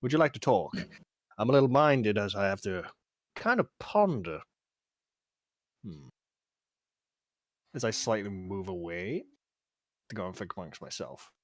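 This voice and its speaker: A lively, sing-song kobold wizard voiced by a man in a tabletop game. The pitch jumps about as he talks, and the sound is dry and close. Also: unhurried, long pauses, dry recording. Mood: musing. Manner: animated, drifts into a put-on drawl. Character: kobold wizard player character. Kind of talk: tabletop role-play.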